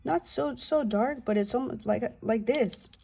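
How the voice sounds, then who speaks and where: A woman's voice: on the high side, unhurried, gravelly, dark tone, a little hiss or hum. A woman giving a casual tarot reading, loose and profane, with slangy asides and the odd drop into a whisper. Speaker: tarot reader.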